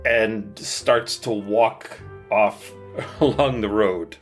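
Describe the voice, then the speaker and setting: A man narrating a tabletop game as dungeon master, in slow, descriptive turns. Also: lowish voice, steady tone, faint music behind.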